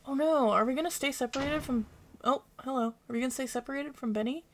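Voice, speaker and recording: A woman streaming a video game, chatting excitedly and swearing freely as she plays. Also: sits high, quick pace, slight background noise. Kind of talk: casual gameplay commentary.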